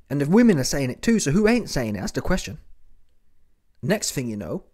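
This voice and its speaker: A man's voice: fairly high pitch, big pitch swings, a little fast, a little mellow. A man hosting casual commentary, slangy and mocking, who keeps tagging his lines with "yeah?". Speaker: host of a commentary channel.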